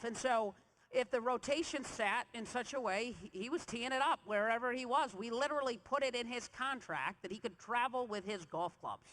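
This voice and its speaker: Keynote speaker, woman, animated storyteller, big echoing hall. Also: a little high. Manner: animated storyteller, quizzing the audience. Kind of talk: motivational keynote speech. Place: large convention hall stage. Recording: reverberant convention hall.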